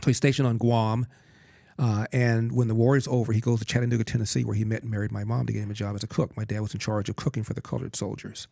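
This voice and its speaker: Older man in his sixties, mellow dark voice, dry close sound, earnest emphatic storytelling, interview guest. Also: fairly low pitch, level tone, fast, gravelly, no room sound. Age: 60s. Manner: earnest, emphatic storyteller who acts out quotes. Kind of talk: personal storytelling in conversation.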